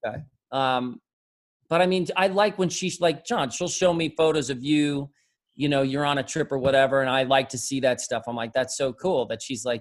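A middle-aged man chatting casually as a host, rambling and animated, swearing freely and mimicking other people's voices. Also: medium pitch, a little fast. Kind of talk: casual chat.

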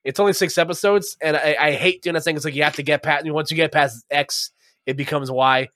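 Man, podcast co-host, casual rambling chat, lots of swearing, slightly high pitch, dry recording. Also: fairly even intonation, brisk, a bit bright, dry recording. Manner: rambling, profane, laughs often.

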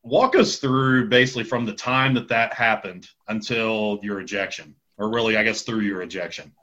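A man's voice: fairly low pitch, moderate pace, sharp tone, lo-fi sound. A man co-hosting a sports podcast, setting up his interview questions with hesitant fillers. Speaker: podcast co-host.

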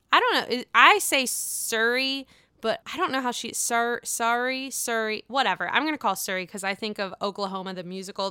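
A young woman giving a casual, profane recap of a reality show, sassy and chatty, slipping into quick mocking impressions of the cast. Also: on the high side, sharp tone, smooth, no room sound, clean studio sound. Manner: sassy, profane, mimics cast members in quick put-on voices.

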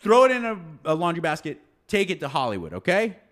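An animated man telling a story in casual chat, his voice sitting a little high and swinging widely in pitch. He acts out the people he quotes. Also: fast talker. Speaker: podcast co-host telling a story.

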